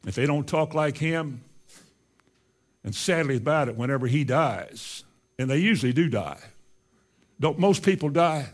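An older male preacher delivering a sermon with a slightly high voice. He talks in a plain, folksy way, dropping to quiet asides and then pressing his points hard. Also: animated, measured pace, pauses often. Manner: folksy, emphatic, swings from quiet asides to loud insistence.

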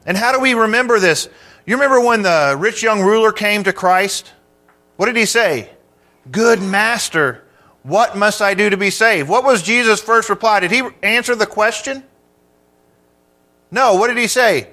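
A man preaching a sermon, teaching through scripture verse by verse, with emphatic pauses and questions to the congregation. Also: high-pitched, pushed and bright. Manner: measured, with emphatic pauses on key words.

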